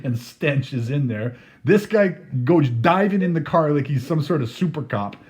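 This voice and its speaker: A man telling a story casually, laughing through his words and swearing freely. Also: on the high side. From Canada.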